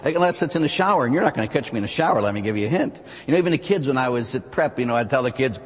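A man preaching as a Catholic priest, telling stories with lively asides and frequent "huh?" to his listeners. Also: medium pitch, very fast, hardly any pauses, slightly rough. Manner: animated storytelling with rhetorical "huh?" asides. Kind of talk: sermon. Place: church. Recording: long reverb of a large church.

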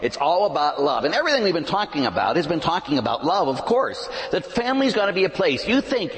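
Male pastor, sermon delivery, fairly high voice with lively swings, long church reverb. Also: quick pace. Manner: animated preaching, swinging from loud emphasis to hushed asides. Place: large church.

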